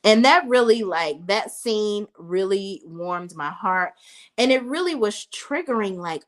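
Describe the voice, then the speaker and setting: Woman in her thirties, casual recap host, chatty and direct with her viewers, mid-pitched voice. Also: lively intonation, unhurried. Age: 30s. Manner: chatty, talks straight to viewers as y'all. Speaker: reality TV reviewer.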